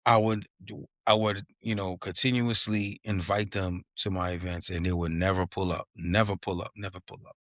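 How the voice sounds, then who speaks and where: A man's voice: deep voice, a bit bright, no room sound, clean studio sound. A young man hosts a podcast and tells a story in casual chat. He acts out the people he quotes with a raised voice and drops a lot of "yo" and "you know what I mean.". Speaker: podcast host.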